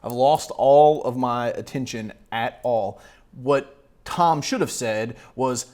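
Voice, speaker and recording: A man's voice: mid-range voice, slow pace, a little mellow. Blunt, swearing sales coach man. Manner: blunt, profane, mocking, laughs often. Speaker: sales coach reacting to a video. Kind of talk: casual reaction commentary.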